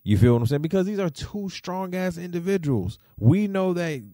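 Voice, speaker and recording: A man hosting a podcast, giving casual, slangy commentary that swings into animated rants. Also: high voice, normal speed, no room sound, clean studio sound. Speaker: podcast host.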